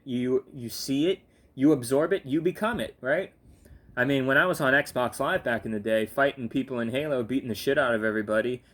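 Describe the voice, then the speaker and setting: A man's voice: medium pitch, fairly bright tone. A young man, sleepy, ranting casually with lots of fillers, restarts and swearing. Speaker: gaming vlogger. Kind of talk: casual rambling rant.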